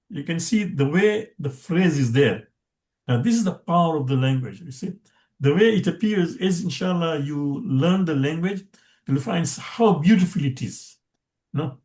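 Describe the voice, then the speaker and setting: Halting male teacher, higher voice. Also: expressive, a little mellow. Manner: halting, checks in with rising "right?" and "no?"; chants verses quickly at a raised pitch. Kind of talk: online class lesson.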